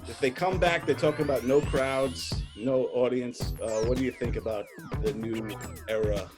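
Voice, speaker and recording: A man's voice: mid-range voice, fairly even intonation, normal speed, music in the background. A man hosting an interview, asking questions in a chatty way with frequent laughs and fillers. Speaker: host. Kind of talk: casual interview.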